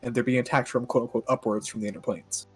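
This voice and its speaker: A man narrating as game master of a tabletop game in a relaxed way, laughing often. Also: mid-range voice, fast, breathy edge, faint music behind. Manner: laid-back, laughing often.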